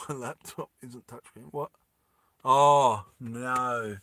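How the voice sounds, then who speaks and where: A man casually telling a story to his live chat, animated, laughing often and acting out the characters. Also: medium pitch, slow, no room sound.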